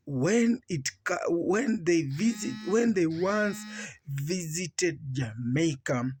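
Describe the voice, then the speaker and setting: A man hosts a reaction video, commenting casually and haltingly, often restarting his words. He speaks slowly with a slightly raised pitch. His voice is husky and recorded very dry. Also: no echo. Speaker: reaction channel host.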